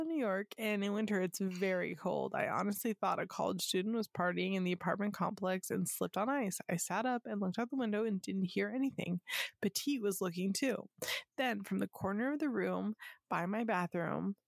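A woman with a gravelly, fry-laden voice reads listener stories aloud on a podcast, breaking off to tease and laugh. Her delivery is loose and chatty, with the odd swear word. The sound is dry and close, with no room around it. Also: medium pitch, brisk, no echo. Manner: laughs often, swears, casual banter. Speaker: podcast co-host. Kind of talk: reading listener stories aloud and joking about them.

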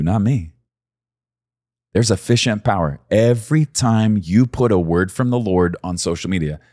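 Low-voiced preacher guy, dry close sound, gets real emphatic and pushy with his listeners. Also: dry recording. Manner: emphatic, rises to high excited peaks when urging listeners. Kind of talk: sermon.

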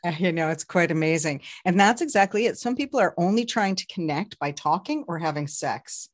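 A woman author and relationship counselor speaking in a podcast interview, animated and acting out her clients' voices. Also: on the low side, brisk.

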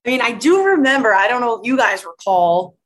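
A woman's voice: fairly high pitch, sing-song, brisk, poor audio. A woman co-hosting a talk show, chatty and teasing. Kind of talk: casual chat.

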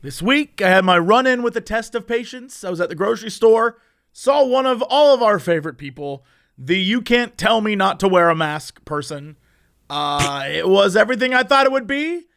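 Man, casual chat, storytelling, high voice, lots of pitch movement, chuckling asides. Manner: animated anecdote-telling with quick asides and chuckles.

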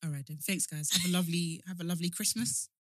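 A woman's voice: fairly low pitch, fairly even intonation, fast talker, a bit bright, no echo, clean studio sound. A young woman, co-hosting a casual podcast chat, teasing and emphatic, often repeating her questions. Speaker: podcast co-host.

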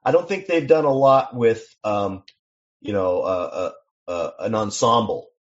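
A man from Seattle, a songwriter guest on a podcast, explaining things in a measured way with frequent restarts. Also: fairly low pitch, lively intonation, muffled recording. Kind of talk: casual interview chat.

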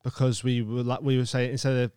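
Chatty British podcast host, smooth voice. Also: male voice, mid-range voice, level tone, fast talker, darkish tone, dry recording, studio quality. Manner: chatty, eager agreeing, laughs often. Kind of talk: casual comedic chat.

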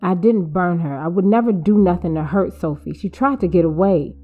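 A woman voicing a weary, secretive husband who speaks in a flat, defensive way. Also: lowish voice, a little fast, phone-quality sound.

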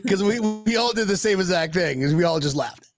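A man's voice: high-pitched, expressive, fairly quick, over music. A man hosting a casual fan podcast, joking and rambling, laughing often between remarks. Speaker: podcast host. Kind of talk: casual chat.

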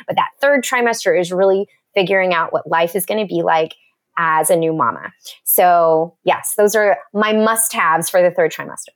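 A woman doula talking as a podcast guest, enthusiastic and animated, acting out little quotes as she goes. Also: fairly low pitch, moderate pace. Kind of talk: casual podcast chat.

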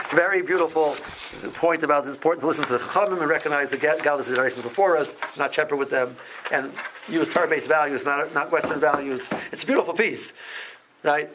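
A man leading an informal Torah class, often restarting phrases and growing lively as he explains. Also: fairly high pitch, fast, noisy background.

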